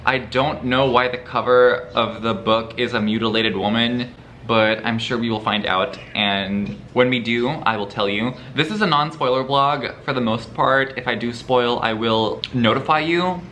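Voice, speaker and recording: A man chatting casually in a reading vlog, animated and profane, with campy humor. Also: medium pitch, moderate pace, slight background noise. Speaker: book vlogger. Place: indoors at home, later outdoors.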